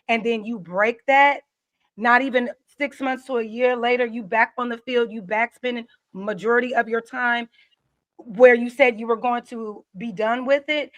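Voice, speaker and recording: Woman, higher voice, measured, panel debate, dry sound. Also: fairly even intonation, no room sound. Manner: measured, builds her point step by step.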